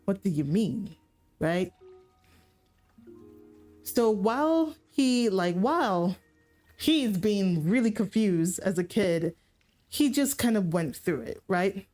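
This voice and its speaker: A woman's voice: mid-range voice, expressive, slow, long pauses, a little mellow, faint music behind. A woman streamer casually retelling a story, rambling, swearing and laughing.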